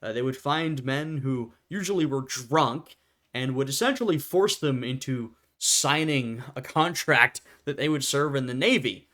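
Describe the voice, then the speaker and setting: A man's voice: mid-range voice, measured pace, fairly bright tone. A man hosting a history reaction video, talking casually and laughing often as he acts out short quotes.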